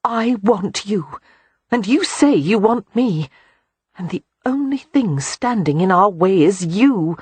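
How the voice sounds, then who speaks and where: A man's voice: sits high, lively intonation, slow, breathy edge, dry recording, pitched above the performer's own voice, exaggerated voice. A man voicing an earnest young Regency lady. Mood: pleading. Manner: earnest, urgent, raised voice. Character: spirited young Regency woman, pleading.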